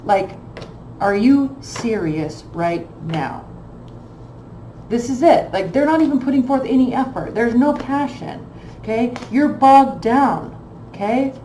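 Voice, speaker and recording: A woman's voice: fairly high pitch, measured pace, warm tone, reverberant, slight background noise, rough recording. A woman reading tarot cards in a blunt, emphatic way, repeating phrases for stress. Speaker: tarot reader.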